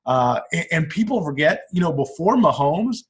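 A man's voice: on the high side, sing-song, moderate pace. Man hosting a sports podcast. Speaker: podcast host. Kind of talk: casual sports talk.

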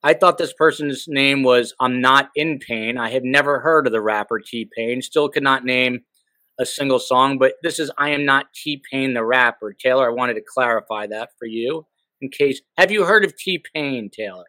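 A middle-aged man hosts a casual podcast, tossing in jokes and rambling asides at a middle pitch. His voice sounds close and dry, with no room echo. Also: moderate pace, pushed and bright. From New Jersey. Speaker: podcast host.

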